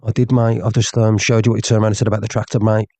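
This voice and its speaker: A man's voice: fairly low pitch, little pitch movement, racing, a little mellow, no echo. A man hosting a livestream, ranting heatedly and saying "mate" over and over. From England. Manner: heated, repeats "mate" often. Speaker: livestream host.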